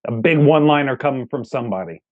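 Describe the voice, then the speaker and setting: A man's voice: mid-range voice, animated, quick pace, narrow, tinny audio. A man co-hosting a movie review, emphatic and enthusiastic as he praises favorite lines. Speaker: co-host of a movie review show. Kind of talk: casual review chat.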